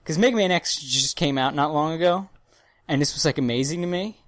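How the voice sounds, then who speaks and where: Low-voiced woman, excitable and profane. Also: brisk, no room sound. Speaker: podcast co-host. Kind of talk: casual chat, animated storytelling.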